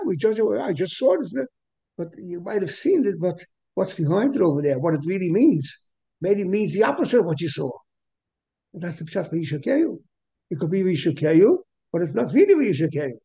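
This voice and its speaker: A man's voice: sits high, expressive, fairly quick, mellow, husky. A man giving a Torah class lecture, explaining at length in a repetitive, digressive way and mixing in Hebrew terms. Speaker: Torah teacher.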